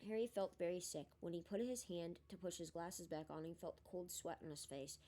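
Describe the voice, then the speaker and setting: A woman reading a novel aloud in a steady storytelling manner. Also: lowish voice, moderate pace. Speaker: audiobook reader. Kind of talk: storybook narration.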